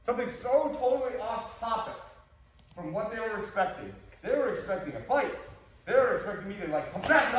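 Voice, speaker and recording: A man's voice: high voice, animated, fairly quick. A man coaching a martial arts class, jokey, acting out little scenes as he explains. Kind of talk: teaching a class. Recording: echoey hall, distant mic, faint noise.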